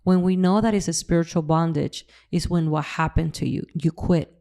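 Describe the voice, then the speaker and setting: A woman's voice: on the low side, steady tone, normal speed, dark tone. A woman hosting a faith-based interview, affirming her guest and explaining scripture in a reflective way. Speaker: podcast host.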